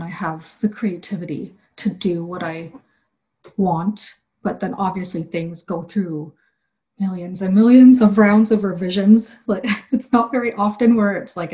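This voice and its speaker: A woman who illustrates children's books, answering interview questions in a candid, relaxed way. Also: medium pitch.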